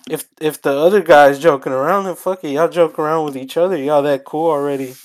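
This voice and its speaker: A man's voice: fairly high pitch, steady tone, brisk. A young man co-hosting a podcast, laid-back and agreeable, swearing casually as he talks. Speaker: podcast co-host. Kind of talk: casual chat.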